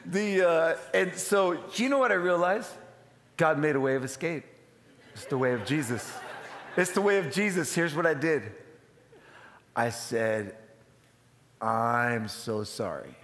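A male pastor giving an animated, dramatic storytelling sermon and calling out to the congregation. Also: on the high side, normal speed, slight background noise. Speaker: lead pastor. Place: church sanctuary. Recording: long hall reverb.

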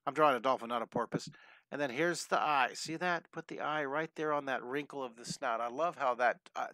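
A man's voice: fairly high pitch, bright, forceful tone, no room sound. A middle-aged man teaching a live drawing lesson, enthusiastic and encouraging, with chatty stories between steps.

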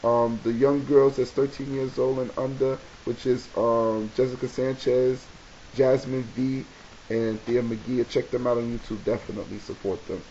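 A man with a New York accent giving a casual advice talk to camera, animated and preachy, repeating key points for emphasis. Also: mid-range voice, normal speed. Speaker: video blogger. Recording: dull lo-fi webcam audio with faint hiss.

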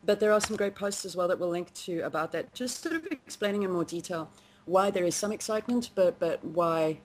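A woman co-hosting a casual science podcast, chatty and quick to laugh, with frequent ums and restarts. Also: fairly low pitch, lively intonation, slight background noise. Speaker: podcast co-host.

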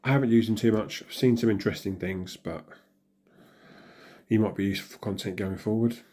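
A hoarse man, still recovering from illness, casually commenting and muttering reactions as he opens in-game crystals. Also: fairly low pitch, fairly quick, darkish tone. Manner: chatty, mutters reactions to himself. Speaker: gaming channel host.

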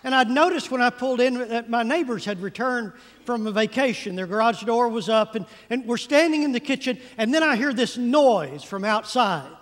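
A man preaching from a church sanctuary, spinning a funny, animated story with careful comic timing and drawn-out words. His voice sits very high for a man, and a long hall reverb trails behind every phrase. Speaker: pastor. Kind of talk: humorous storytelling sermon.

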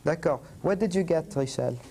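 A man's voice: on the high side, moderate pace, creaky, mellow, a little hiss or hum. A man teaching a university French class, mixing English and French and checking in with his students.

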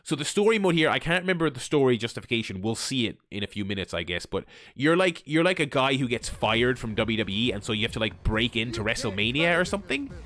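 A man giving excitable let's-play commentary, swearing freely and laughing often. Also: mid-range voice, quick pace, few pauses. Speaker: gaming video host.

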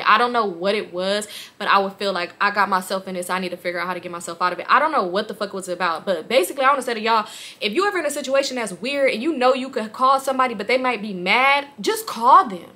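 A young woman vlogger telling a personal story in a candid, animated way, swearing freely. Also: medium pitch.

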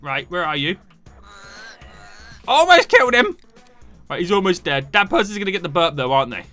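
A man giving excited gameplay commentary, shouting and talking to himself as he plays. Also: fairly high pitch, quick pace, faint music behind. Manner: animated, shouts and talks to himself while playing. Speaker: gaming YouTuber.

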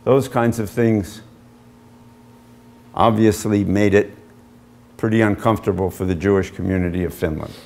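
A man, an author, giving an illustrated history lecture with measured storytelling and frequent pauses as he points to slides. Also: fairly low pitch, fairly even intonation, vocal fry, darkish tone. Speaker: author giving a book talk.

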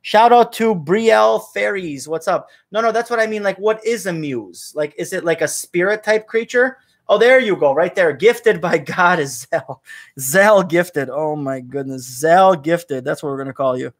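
A man's voice: high voice, normal speed. A man hosting a live trivia stream, chatting casually with viewers and reading their names from chat. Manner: chatty, reads chat names aloud, rambles into opinions. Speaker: trivia livestream host.

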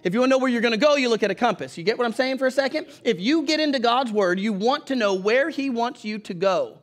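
High-voiced Southern country preacher. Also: male voice, expressive, fast talker. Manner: folksy, conversational, calls on the congregation to read along. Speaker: pastor. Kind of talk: sermon.

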